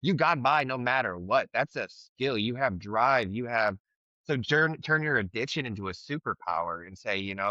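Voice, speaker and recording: A man's voice: mid-range voice, lively intonation, normal speed, pushed and bright, dry recording, highs cut off. A man co-hosting a recovery podcast in casual chat, talking frankly and rambling with lots of fillers and swearing. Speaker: podcast co-host.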